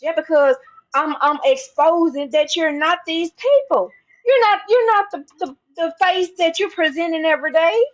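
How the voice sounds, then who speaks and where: A mother giving an impassioned spoken testimony, preacherly and repeating lines for emphasis, swinging from hushed and low to loud and high. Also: animated, normal speed. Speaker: mother speaking out on her own channel. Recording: dull lo-fi recording.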